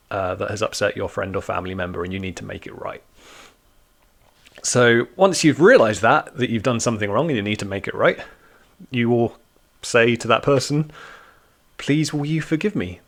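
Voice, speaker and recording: A man giving a relaxed, joking church talk to young people, teaching like a friendly youth leader. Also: medium pitch.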